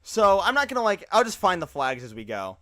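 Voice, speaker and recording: Lively bright-voiced male streamer. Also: high-pitched, a little fast, no echo. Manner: animated, chatty reactions with loose filler words. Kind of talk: casual live-stream reaction commentary.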